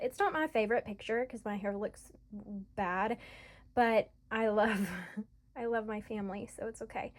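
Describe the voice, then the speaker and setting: A woman's voice: mid-range voice, darkish tone, no room sound. A woman in her thirties, a mom vlogging in casual chat to the camera, gushing and chatty with lots of fillers.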